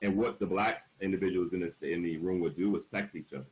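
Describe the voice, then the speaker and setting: A man in his forties speaks in a somewhat low voice as a panel speaker, telling his own story frankly. He leans hard on key words and slips into the voices of the people he quotes. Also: quick pace, low-quality recording. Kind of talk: candid personal storytelling at a panel.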